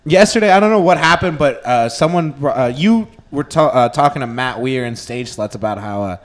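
A man's voice: medium pitch, lively intonation, brisk. A man co-hosting a comedy podcast, chatting casually with lots of "like" and profane jokes. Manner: rambling, heavy use of "like", profane banter. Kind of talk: casual chat.

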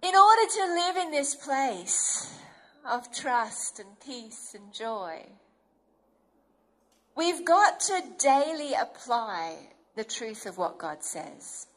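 High-voiced woman preaching earnestly. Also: very animated, takes it slowly, fairly bright tone. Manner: earnest and emphatic, acts out inner voices. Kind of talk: sermon.

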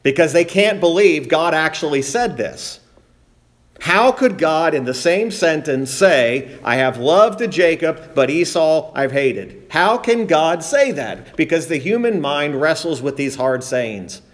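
A man preaching a sermon, reading scripture aloud and stressing points by repetition and slowing down. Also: a little high, animated. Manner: emphatic preaching, repeating phrases for stress, slowing down on key points; reads scripture aloud in King James wording.

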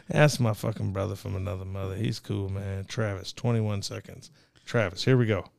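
A man's voice: on the low side, steady tone, moderate pace, gravelly, a crowd in the background. Profane rowdy male host. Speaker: show host. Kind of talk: crude casual banter.

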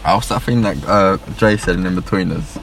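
A man's voice: sits low, a little fast, gravelly, a loud crowd. A young man, chiming in with short questions and remarks among friends. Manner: short interjections and puzzled questions. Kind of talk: casual banter among friends.

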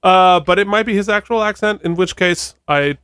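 A man's voice: sits high, moderate pace, a bit bright, clean tone, dry recording. Rambling male podcast co-host. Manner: rambling, self-correcting. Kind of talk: casual chat.

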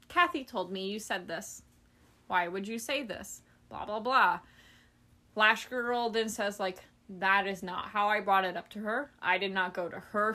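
A woman podcast host casually telling a story, acting out the people she quotes and swearing offhandedly. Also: medium pitch. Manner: animated, acts out quoted people.

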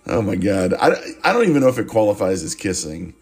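Male podcast host, lowish husky voice, rambling and sarcastic, swears casually. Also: sing-song, quick pace, darkish tone, faint music behind. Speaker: podcast host reviewing a movie. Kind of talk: casual comic monologue.

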